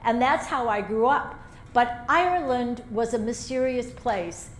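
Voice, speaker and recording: Older woman telling lively stories. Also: on the high side, measured pace, slight background noise. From Chicago, USA. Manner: animated anecdotal storyteller. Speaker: author giving a talk. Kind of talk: storytelling talk to a live audience. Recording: roomy echo, faint ambience.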